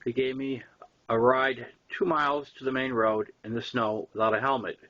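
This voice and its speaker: A man reading his own first-person novel aloud, relaxed and conversational with small fillers. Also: medium pitch, normal speed, dull audio. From Boston area. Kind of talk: first-person memoir narration.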